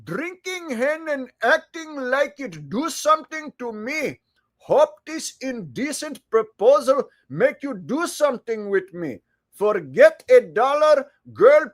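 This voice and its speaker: A man's voice: extremely high pitch, heavily acted. Man doing a put-on Indian accent.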